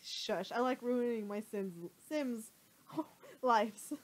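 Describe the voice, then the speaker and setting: A woman's voice: fairly high pitch, slow pace, low-quality recording. Stream co-host: a light-voiced woman, chatty and giggly, reading viewer questions between laughs. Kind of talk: casual chat.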